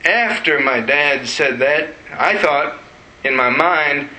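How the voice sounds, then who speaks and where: A man's voice: fairly high pitch, takes it slowly, pushed and bright. A man, a pastor, telling a personal story in a sermon. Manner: storytelling with emotional retelling. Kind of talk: sermon testimony. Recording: roomy echo.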